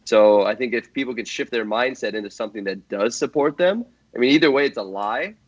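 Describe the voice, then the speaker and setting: A man's voice: mid-range voice, fairly quick, no echo, highs cut off. A man guesting on a podcast, talking earnestly and at length, with lots of fillers and restarts. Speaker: guest drift driver. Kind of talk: casual podcast chat.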